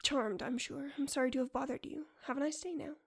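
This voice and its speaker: A woman's voice: high-pitched, steady tone, a little fast. A woman voicing a polite, reclusive man who is used to being unseen, speaking formally in a storybook reading.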